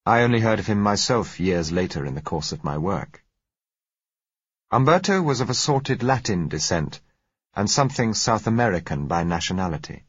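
Male narrator, very low voice, husky, measured, dry, muffled lo-fi audio. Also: very animated, no room sound. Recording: dull lo-fi recording.

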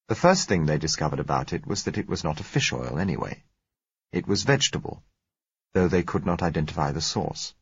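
Low, husky male audiobook narrator. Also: no room sound, lo-fi sound.

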